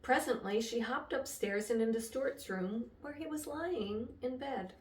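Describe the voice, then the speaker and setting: An older woman reading a children's chapter book aloud with expressive, lively storytelling. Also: on the high side, a little slow, hardly any pauses. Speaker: storybook reader. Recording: echoey room, voice from a distance.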